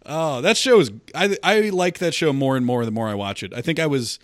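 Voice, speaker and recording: A young man co-hosting a casual podcast, telling stories in an animated way and slipping into mocking impressions. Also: on the high side, brisk, no echo, studio quality. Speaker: podcast co-host. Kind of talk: casual chat.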